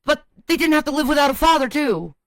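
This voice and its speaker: A man co-hosting a casual chat, talking in an excitable, conspiratorial way. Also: very high-pitched, fast talker, no room sound. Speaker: podcast co-host.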